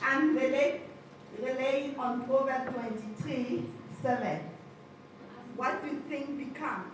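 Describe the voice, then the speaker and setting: A woman with a French accent and a high, slow voice delivers an energetic motivational talk as a life coach, calling out to a live audience and leading them in call-and-response phrases. She's recorded far from the mic in a large, echoey hall, with crowd noise around her.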